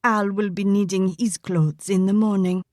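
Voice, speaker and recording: A woman's voice: mid-range voice, steady tone, moderate pace, a little mellow, dry recording, clean studio sound, lightly acted. A woman voicing a flustered middle-aged mother who soothes and pleads with her husband. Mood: coaxing.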